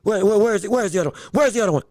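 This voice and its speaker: A man hosting a boxing podcast livestream, talking casually and excitably, rambling and repeating words as he reads chat. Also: very fast, no room sound, clean studio sound. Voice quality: high, gravelly voice.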